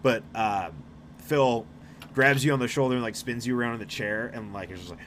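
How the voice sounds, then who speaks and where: A man's voice: mid-range voice, brisk, fairly bright tone, a little hiss or hum. A man narrating and running a tabletop role-playing game as game master, casual, with frequent restarts and swearing.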